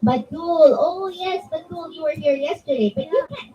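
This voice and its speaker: A woman with a very high voice, at normal speed, gives children an interactive religious talk in a religious center hall, animatedly performing her examples in voices. She's recorded from a distance with lo-fi sound.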